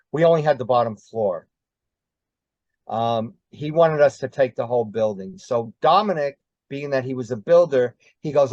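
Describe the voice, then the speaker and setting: An older man tells his story in a loose, meandering way and keeps pausing on ums and uhs. The sound is dry and a little dull, with no room tone. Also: mid-range voice, darkish tone, no echo. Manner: rambling, many ums and uhs. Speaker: interview guest. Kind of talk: casual storytelling.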